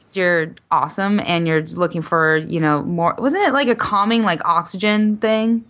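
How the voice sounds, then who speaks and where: A woman's voice: on the low side, normal speed, a bit bright. A woman co-hosting a podcast, chatting in a bubbly, enthusiastic way and laughing easily. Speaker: podcast co-host, exercise physiologist. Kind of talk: casual chat.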